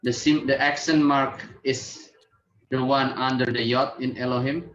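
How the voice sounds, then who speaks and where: A man's voice: medium pitch, flat delivery, measured pace, a bit bright. A man as a student, asking brief, tentative questions in a lesson. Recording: roomy, dull lo-fi sound.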